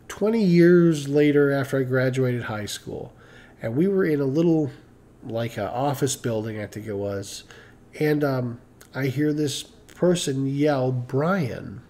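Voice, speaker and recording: Middle-aged guy from michigan, kinda high but mellow voice, rambles thru a story. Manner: rambling, with restarts and asides. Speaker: live stream host. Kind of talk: casual storytelling.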